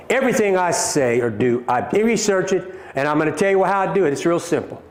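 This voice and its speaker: Speaking in a Southern American drawl, this middle-aged man is a CEO hosting a livestream from an echoey room. He pushes back on viewer comments, hammering his points again and again and calling the audience folks, his voice pitched a bit high for a man.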